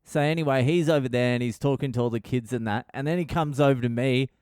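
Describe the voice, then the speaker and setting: A man's voice: mid-range voice, fast talker, darkish tone, clear, resonant tone, no room sound, clean studio sound. Profane Australian man telling stories. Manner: profane, blunt, rambling. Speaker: podcast host. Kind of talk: casual storytelling monologue.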